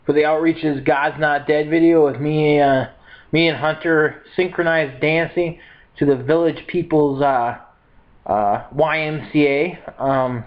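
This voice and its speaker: A man in his twenties chats straight to camera with a fairly high voice, rambling from one thought to the next. He laughs often and drops plenty of filler words. The audio sounds a little dull and lo-fi. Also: fairly even intonation, measured pace. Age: 20s. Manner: rambling and upbeat, with frequent laughs and "like". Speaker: vlogger. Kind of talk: casual chat to camera.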